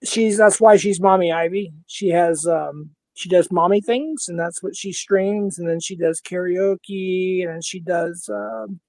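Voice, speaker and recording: A man's voice: sits high, measured pace, creaky, hardly any pauses, darkish tone, no room sound. A man in his fifties with a Minnesota accent, hosting a casual livestream panel in a blunt, heated way and swearing freely. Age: 50s.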